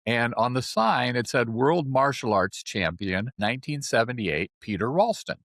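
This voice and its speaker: A man in his seventies, a podcast guest, telling his life story in a chatty, animated way and often checking in with "right?". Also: mid-range voice, normal speed, no room sound, clean studio sound. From California. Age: 70s. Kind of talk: casual storytelling interview.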